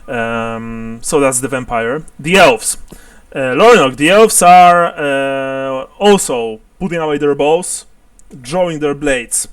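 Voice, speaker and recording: A man's voice: medium pitch, takes it slowly, clear, resonant tone, dry recording, far from the mic. Game master, male, mid-range voice, a little off-mic, laughs a lot. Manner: explains rules, laughs often. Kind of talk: narrating a tabletop game online.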